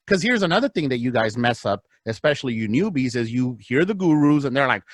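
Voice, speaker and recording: A man on a podcast, telling business stories in an animated way and acting out bits of dialogue. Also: quick pace, hardly any pauses, no room sound. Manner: animated storyteller, acts out dialogue, big swings in pitch. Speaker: podcast guest, real estate investor. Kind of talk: casual chat.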